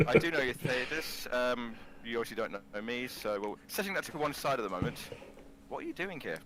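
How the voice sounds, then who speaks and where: A man's voice: medium pitch, expressive, a little fast, background noise. A man playing a tabletop game, playful and stammering through restarts. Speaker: player.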